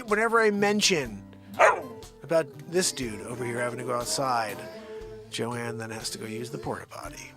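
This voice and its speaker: A man's voice: mid-range voice, moderate pace, over music. A man hosting a live daily stream, chatting casually and joking as he tells a story and talks to his dogs. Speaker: livestream host.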